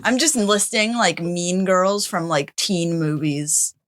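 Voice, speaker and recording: A woman's voice: fairly low pitch, takes it slowly, heavy background noise. A young woman from Canada, a guest on her father's podcast, chatting bluntly and giggling often. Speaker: podcast guest, host's daughter. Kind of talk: casual podcast chat.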